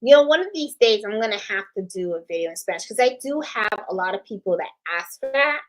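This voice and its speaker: A woman's voice: mid-range voice, expressive, fast, low-quality recording. A middle-aged woman hosting a crafts channel, chatting casually on a live stream and rambling with lots of "you know" and "okay?". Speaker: host of a sewing and embroidery channel.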